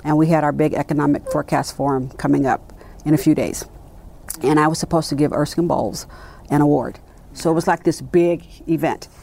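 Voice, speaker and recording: A woman's voice: sits low, fairly even intonation, a little fast, gravelly, dark tone, a little hiss or hum. A woman in her late fifties, an executive guest in an interview, telling her story with animation and acting out the dialogue she quotes. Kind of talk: conversational interview.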